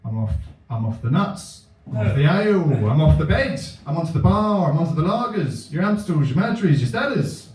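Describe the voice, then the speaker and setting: A man doing a deadpan, self-mocking stand-up set in a comedy venue. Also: on the high side, moderate pace, few pauses, slight background noise. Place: comedy venue with a live audience. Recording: echoey room, mic at a distance.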